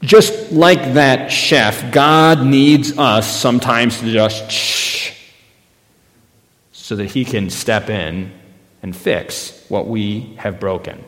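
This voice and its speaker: A man's voice: medium pitch, slow pace, a bit bright. Man preaching in a reverberant hall. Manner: conversational preaching with anecdotes and emphatic rises. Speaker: pastor. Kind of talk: sermon.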